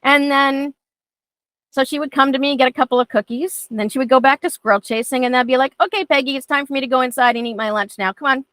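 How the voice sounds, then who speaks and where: A woman's voice: sits high, quick pace, a bit bright, no echo. A woman dog trainer teaching a class in a chatty way, often acting out how she talks to her dogs. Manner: chatty, acts out talking to dogs.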